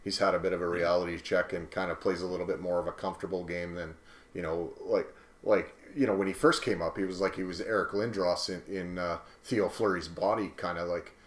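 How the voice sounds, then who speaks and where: A man with a very deep voice talking through his points slowly, repeating himself as he thinks. His mic picks up a lot of room echo. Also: fairly even intonation. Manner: thoughtful, halting, repeats words. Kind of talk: casual podcast chat. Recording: roomy echo.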